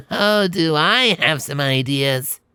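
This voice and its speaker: A man's voice: a little high, animated, takes it slowly, bright, forceful tone, clean tone, no echo, clean studio sound, voice pushed up, full character voice. A man reading a fanfiction audiobook, voicing a mischievous, tomboyish female pegasus pony with a cocky, scheming tone.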